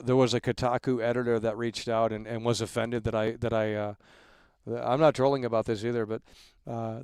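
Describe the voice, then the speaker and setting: A man's voice: medium pitch, smooth, no echo. A man hosting a casual livestream talk show, hyping viewers with repeated catchphrases and rambling through opinions with many restarts. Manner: emphatic hype shout-outs with repeated catchphrases; rambling, with frequent restarts and fillers.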